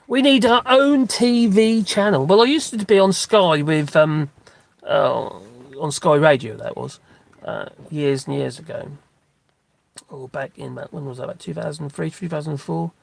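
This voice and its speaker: A middle-aged man with a slightly high, gravelly voice chats loosely to his live-stream viewers. He rambles from one thought to the next with plenty of fillers and restarts. He talks into a phone while out on a dog walk. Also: animated, moderate pace.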